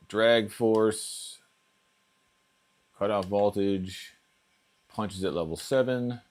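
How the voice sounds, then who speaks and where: A man hosting a casual live unboxing stream at home, thinking aloud and trailing off as he reads through settings. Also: fairly low pitch. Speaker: RC hobby channel host.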